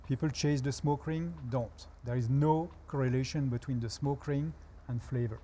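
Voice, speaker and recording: A man with a French accent speaks as a guest chef on a television talk show. His voice sits at an ordinary middle pitch, and he explains step by step with relaxed, dry humor. A faint hiss of noise runs underneath. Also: moderate pace. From France.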